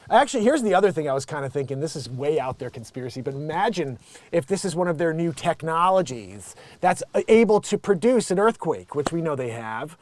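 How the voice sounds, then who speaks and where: A man's voice: on the high side, big pitch swings, brisk, a little mellow. Sarcastic man ranting solo. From Connecticut. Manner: sarcastic, swearing, drifting into bits. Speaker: show host. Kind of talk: ranting comic monologue.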